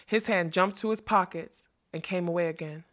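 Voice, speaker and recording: A woman narrating a fantasy novel as an audiobook, measured and expressive. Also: on the low side.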